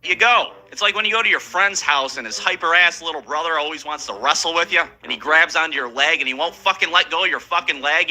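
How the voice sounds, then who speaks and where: Bright-voiced man ranting stand-up. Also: fairly high pitch, low-quality recording. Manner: rants loudly, acts out people in raised voices. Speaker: stand-up comedian. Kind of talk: profane comic storytelling.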